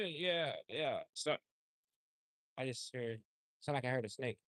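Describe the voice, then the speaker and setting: A man's voice: medium pitch, measured pace, a bit bright, dry recording, clean studio sound. A man livestreaming outdoors, talking in a loose, rambling, slangy way and often repeating himself. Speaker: livestream host. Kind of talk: casual rambling chat.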